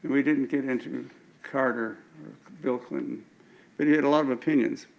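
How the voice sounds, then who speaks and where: A man's voice: medium pitch, steady tone, a little fast, gravelly, lo-fi sound. An older man giving an anecdotal lecture with slides at an alumni event, often stumbling and restarting his words.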